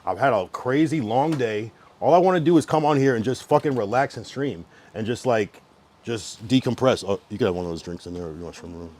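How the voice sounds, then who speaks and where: A man's voice: mid-range voice, lively intonation, fairly quick, a little mellow. A young man livestreaming, ranting at his chat in an irritated, swearing, casual way.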